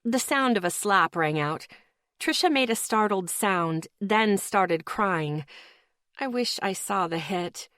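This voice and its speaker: A woman reading a first-person audiobook in a steady, measured way. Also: mid-range voice, dry recording, studio quality. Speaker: audiobook narrator.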